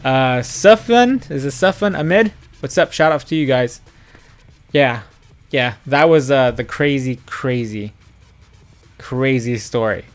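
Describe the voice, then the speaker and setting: A man's voice: mid-range voice, lively intonation, slow, soft background music. A young man telling a story in a casual, rambling way while he streams a driving game, full of fillers and quoted dialogue. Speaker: gaming streamer.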